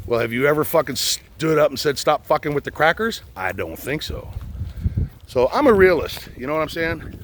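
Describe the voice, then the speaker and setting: A man's voice: a little high, expressive, moderate pace, fairly bright tone, a little hiss or hum. An older man, a retired police officer, ranting bluntly and profanely to the camera while out on a boat in a swamp. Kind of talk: outdoor rant.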